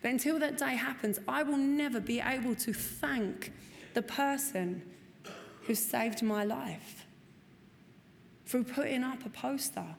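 Speaking a little slowly in a high, gravelly voice, a woman tells her story at a recovery meeting. She's earnest, candid, swears freely, and repeats for emphasis; the meeting room gives a long reverb and faint ambience.

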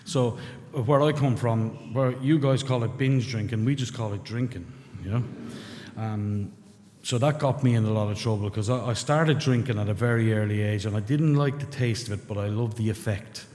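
A middle-aged man from rural Ireland tells his story to a group at a recovery meeting, blunt and candid, swearing and poking wry fun at himself. His voice is fairly low and a little mellow, at a moderate pace. The meeting room recording has long hall reverb and a slight hiss or hum.

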